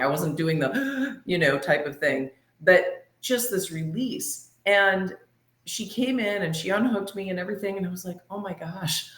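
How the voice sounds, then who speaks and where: Casting: lively woman guest, lower voice, roomy echo, chatty storyteller. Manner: animated, laughing storyteller. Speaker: podcast guest. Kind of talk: casual storytelling.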